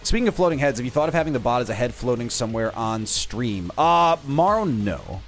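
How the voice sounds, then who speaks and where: A man's voice: mid-range voice, expressive, brisk. A man streaming a game, chatting casually with viewers in playful, teasing, mock-insulting banter, with music playing behind him.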